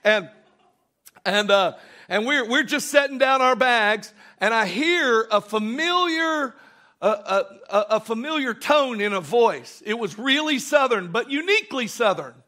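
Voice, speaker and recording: Middle-aged male preacher, bright ringing tone, lively storytelling sermon delivery. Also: very high voice, a little slow. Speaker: pastor.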